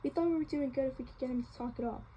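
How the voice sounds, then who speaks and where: A woman's voice: sits high, rapid-fire, dull audio, a little hiss or hum, natural voice. A woman voicing a cocky, wisecracking teenage boy from a street gang, in a joking, cheerful manner while reading a novel aloud.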